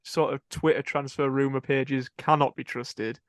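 A man's voice: medium pitch, level tone, moderate pace, no echo, clean studio sound. A man co-hosting a casual football podcast, reading out transfer rumours and correcting his own slips. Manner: rambling, self-correcting, laughing at own slips.

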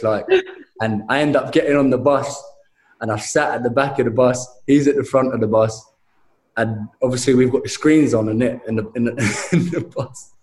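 A man's voice: medium pitch, normal speed, roomy sound. Man telling a wild story. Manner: animated storytelling, says mate a lot. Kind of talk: casual podcast chat.

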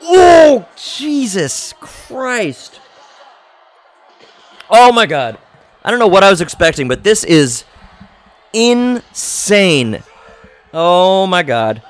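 A man with a fairly high voice and an unhurried delivery, calling out what he sees while watching a film. He keeps gasping and exclaiming, then drops into jokey asides in a relaxed, comic podcast-host manner. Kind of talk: live reaction commentary while watching a film.

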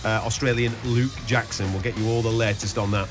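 A man's voice: lowish voice, fairly even intonation, brisk. A man hosts a live boxing show on the radio. He chats easily, jokes with his co-hosts and keeps the updates coming, with faint music under his voice. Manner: chatty, jokey, bantering with co-hosts. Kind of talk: live sports radio talk.

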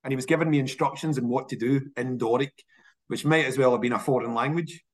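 A man's voice: mid-range voice, fast talker. Chatty Scottish man. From Scotland. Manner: animated, repeats words when restarting. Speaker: whisky industry guest. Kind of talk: casual interview storytelling.

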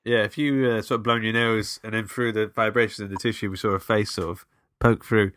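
Low-voiced laid-back man. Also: fairly even intonation, brisk, fairly bright tone, no echo. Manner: laid-back, hesitant, lots of fillers. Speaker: podcast co-host. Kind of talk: casual film review chat.

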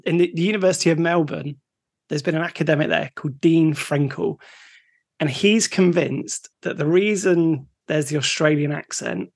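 A man from Britain co-hosting a podcast, telling things in a relaxed way and laughing often. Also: fairly high pitch, gravelly, no room sound, studio quality. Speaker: podcast co-host. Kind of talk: casual chat.

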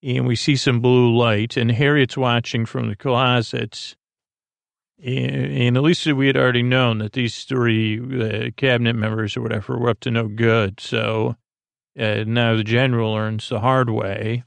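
A man's voice: mid-range voice, flat delivery, a little slow, vocal fry, no echo. A man hosting a sleep podcast, casually retelling a story in a meandering way full of "uh" and "like". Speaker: podcast host.

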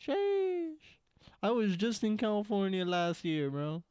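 A man's voice: high-pitched, huge pitch swings, slow, darkish tone, clear, resonant tone, dry recording, studio quality. A man from Canada chatting casually in loose slang, full of "bro" and "like". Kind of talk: casual chat.

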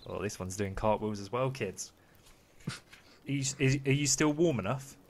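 A man's voice: on the low side, animated, measured pace. Young man reading a comic bedtime story. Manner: mock-soothing, playful storyteller voice. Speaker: podcast host reading aloud.

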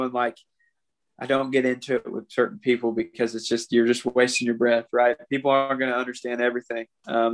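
Earnest and emotional, a young man on a podcast talks openly about something that pains him, saying "man" again and again. His voice is mid-range with a fairly bright tone.

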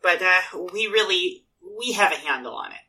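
A woman's voice: on the low side, expressive, moderate pace, pushed and bright. A woman playing her character in a tabletop game, friendly and hesitant in speech. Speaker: player. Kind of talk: tabletop role-play.

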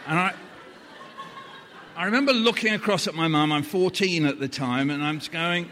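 This British man in his seventies, with a slightly high, sharp voice at a moderate pace, performs a playful storytelling talk on a large hall's stage, doing voices for those he quotes. Long hall reverb fills the recording, which also has a little hiss or hum.

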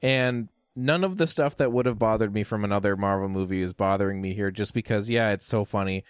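A man casually reviewing a film with a friend, animated, laughing often and swearing. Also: fairly low pitch, fairly quick, clean tone, no room sound, clean studio sound. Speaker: podcast co-host. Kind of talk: casual movie review chat.

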